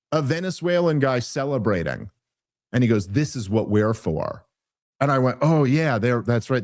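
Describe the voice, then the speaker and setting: A man's voice: a little high, a little mellow, no echo, clean studio sound. A man hosting a podcast, ranting heatedly and sarcastically about politics, swearing often and restarting his sentences. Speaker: podcast host. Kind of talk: casual political commentary.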